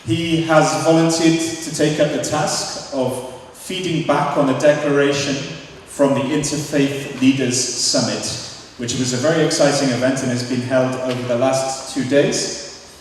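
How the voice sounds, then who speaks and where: A man chairs a meeting in a measured way with some ums and introduces the next speaker. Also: mid-range voice, steady tone. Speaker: meeting moderator. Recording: echoey hall, mic far off, faint noise.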